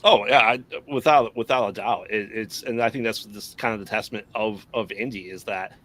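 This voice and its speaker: Enthusiastic low-voiced podcast host. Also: male voice, brisk, a bit bright, a little hiss or hum, rough recording. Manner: enthusiastic and supportive. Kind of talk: casual podcast chat.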